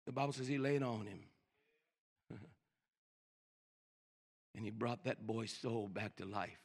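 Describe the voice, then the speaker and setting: An older man preaching a sermon, stammering and repeating words, swinging from loud emphasis to hushed slow lines. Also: fairly low pitch, gravelly, breathy edge. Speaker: pastor.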